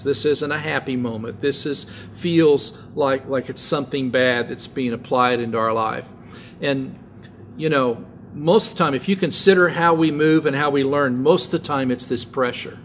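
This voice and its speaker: An older man preaching a sermon as pastor, telling stories in a relaxed conversational way with asides. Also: mid-range voice, slight background noise.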